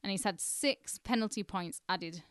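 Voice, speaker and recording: Chatty woman, smooth clear voice. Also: medium pitch, normal speed, no room sound, clean studio sound. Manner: chatty storyteller, laughs often, swears casually. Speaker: podcast co-host. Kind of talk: casual chat.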